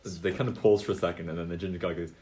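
Deep-voiced man running a tabletop game. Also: fairly even intonation, very fast, darkish tone. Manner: hesitant, filler-heavy narration. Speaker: game master.

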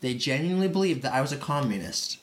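A man's voice: mid-range voice, sing-song, fast. A young man co-hosting a casual chat, bantering in a dry, sarcastic way. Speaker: podcast co-host.

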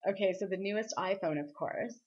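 A woman co-hosting a podcast in casual chat, relaxed and offhand, laughing easily. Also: mid-range voice, brisk, slightly rough, highs cut off. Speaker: podcast co-host.

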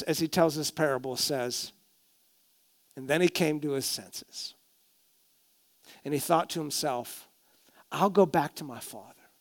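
A male pastor preaching a sermon, telling stories expressively, dropping to a hush and then rising loud. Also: fairly high pitch.

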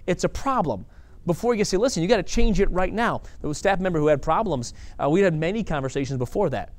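A man giving a conference teaching talk, telling stories with lively quoted dialogue and frequent restarts. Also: mid-range voice. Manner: animated storytelling with quoted dialogue. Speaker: church staff leader.

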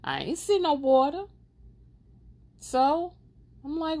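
A woman hosting her own podcast, telling a personal story in an emotional, expressive, casual way. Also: sits high, slow. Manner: casual, conversational. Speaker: podcast host.

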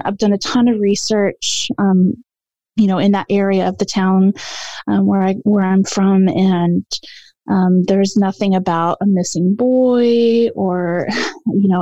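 A woman's voice: mid-range voice, mellow, dry recording. Hesitant woman telling a childhood story. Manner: hesitant, many ums and restarts. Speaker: caller sharing a ghost story. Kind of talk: casual storytelling.

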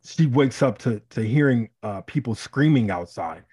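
A married man from Chicago telling a story in a casual podcast chat, animated and profane, acting out the people in it. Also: mid-range voice, normal speed, husky. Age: adult, married. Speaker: podcast co-host.

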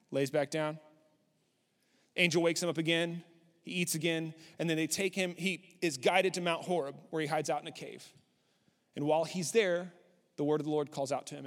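A man in his thirties preaching a sermon as a pastor, animated and swinging up high when he voices a despairing prophet. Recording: long hall reverb.

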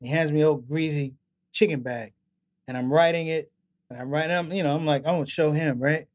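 Animated middle-aged man telling stories. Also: on the high side, brisk. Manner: animated storyteller, acts out quotes with laughs. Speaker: comedian and podcast guest. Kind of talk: storytelling in casual interview.

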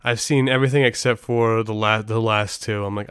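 A man's voice: on the low side, fairly even intonation, a little fast, fairly bright tone, clean tone, dry recording, studio quality. A middle-aged man hosting a podcast, telling stories in a rambling way with many restarts. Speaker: podcast host. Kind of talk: casual podcast storytelling.

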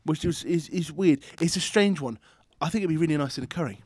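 A man's voice: fairly high pitch, fast talker, darkish tone, no room sound. A man chatting casually as a podcast guest, rambling and laughing often. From England. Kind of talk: casual chat.

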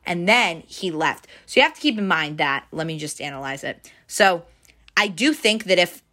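Woman telling a story with a bright, tense edge. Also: lowish voice, moderate pace. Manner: animated storyteller, fills with "like", acts out quotes. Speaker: bank teller telling a story. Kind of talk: casual chat.

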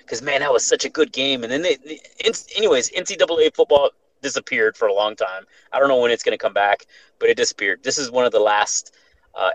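Brief: young male podcast host, casual profane storyteller, mid pitch. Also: rough recording. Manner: profane, animated, restarts often.

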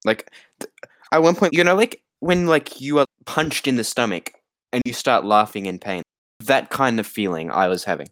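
A man's voice: medium pitch, animated, moderate pace, fairly bright tone, no echo, rough recording. A man co-hosting a podcast, chatting casually about a bad movie with rambling, exasperated asides and laughter. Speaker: podcast co-host. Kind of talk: casual movie review chat.

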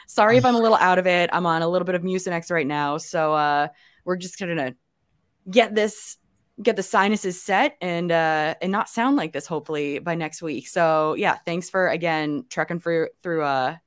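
A young woman co-hosting a podcast, raspy from a cold, chatting quickly and saying "like" a lot. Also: fairly low pitch. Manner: chatty, quick, says "like" often. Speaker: podcast co-host. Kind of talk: casual podcast chat.

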